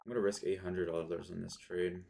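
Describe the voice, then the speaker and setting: A man's voice: low-pitched, level tone, brisk, vocal fry, a little mellow, slight background noise. A man talking through his day trades live, frustrated and hard on himself, swearing and saying "man" and "bro". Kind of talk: live trading commentary to himself.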